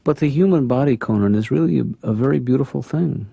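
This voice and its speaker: A middle-aged man voicing a mild-mannered therapist, speaking softly in a dry, deadpan way. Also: medium pitch, fast talker, vocal fry, husky, no echo. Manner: soft-spoken, dry, deadpan. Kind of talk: animated sitcom voice acting. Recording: dull lo-fi sound, dry.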